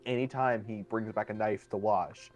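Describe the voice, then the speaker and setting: A man's voice: fairly low pitch, fairly even intonation, moderate pace, soft background music, poor audio. A man joking animatedly with fellow players in casual banter.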